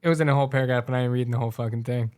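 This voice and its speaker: A man's voice: mid-range voice, steady tone, very fast, darkish tone, smooth, no room sound, clean studio sound. A young man, a podcast co-host, telling a story in a loose, profane, rambling way. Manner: loose, swears constantly, trails off and restarts.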